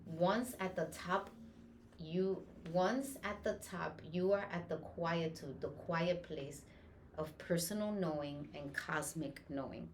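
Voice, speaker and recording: Low-voiced woman teaching about labor. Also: slow pace, slight background noise. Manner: earnest, reassuring, repeats key points with "okay?". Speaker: birth worker teaching labor stages. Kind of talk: teaching talk on childbirth.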